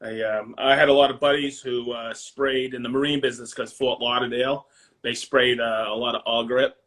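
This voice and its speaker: Bright-voiced man with a Maine accent. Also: mid-range voice, steady tone, fairly quick. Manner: chatty, laughs easily, self-interrupting. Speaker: guest. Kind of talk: casual podcast chat.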